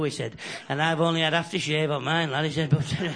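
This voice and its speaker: A man from the north of England doing a bawdy stand-up routine, telling stories and slipping into quick character voices. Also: on the high side, fairly even intonation, fairly bright tone. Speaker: stand-up comedian. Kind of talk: stand-up routine with crowd laughter. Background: audience laughter.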